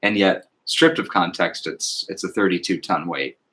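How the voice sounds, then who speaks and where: A man in casual conversation about music, reflective and thoughtful, sometimes slowing to recite lyrics in a measured cadence. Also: deep voice, a bit bright. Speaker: podcast co-host.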